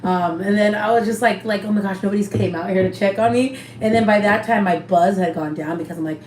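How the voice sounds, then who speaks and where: A young woman telling a story in casual chat, animated and swearing, slipping Spanish phrases into her English. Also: medium pitch, fast talker, few pauses. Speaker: co-host. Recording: echoey room, faint background hum.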